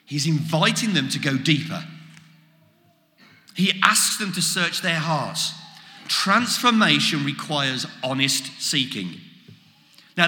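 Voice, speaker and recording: A man preaching a sermon, animated, acting out quoted exchanges as he goes. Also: a little high. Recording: echoey hall with long reverb.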